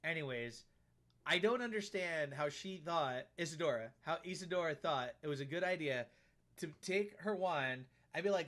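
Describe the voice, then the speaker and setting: A man live-streaming a game in relaxed, chatty banter. His voice sits slightly high and climbs sharply when he pesters a character on screen, then settles back down into a laid-back, teasing tone. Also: moderate pace. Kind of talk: casual live-stream chat.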